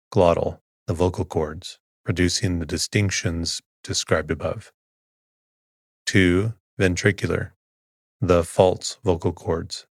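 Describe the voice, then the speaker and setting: A man with a very low voice reads a dense text slowly and evenly, pacing it to help listeners drift off. The sound is dry and close, with no room around it. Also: no echo. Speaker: sleep podcast host. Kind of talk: slow monotone sleep-story reading.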